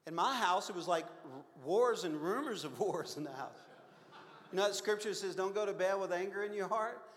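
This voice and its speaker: A man in his fifties, a pastor telling a personal story in a sermon, earnest and confessional, swinging from loud to hushed. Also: sits high, animated, a little fast. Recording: long hall reverb.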